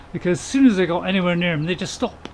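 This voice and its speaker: A man's voice: high voice, lively intonation, a little fast, darkish tone, slight background noise, rough recording. Jokey man streaming a game. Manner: chatty, jokey, chuckling, reading chat aloud. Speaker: gameplay streamer. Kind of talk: casual live-stream commentary.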